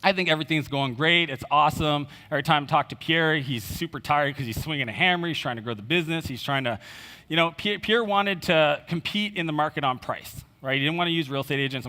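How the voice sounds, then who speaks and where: A slightly high-pitched male voice moves at a quick pace, bright and forceful. He's on a conference stage in a large, reverberant hall, telling a personal story for his keynote in a relaxed style that includes fillers and quoted conversation.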